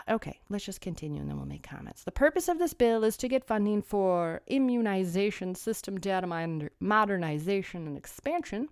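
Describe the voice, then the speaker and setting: A woman delivers a mocking commentary monologue, firing off rhetorical questions. Her voice is mid-pitched but swoops widely as she needles. The sound is dry, with no room around it. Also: lively intonation, moderate pace, vocal fry, clear, resonant tone, no room sound.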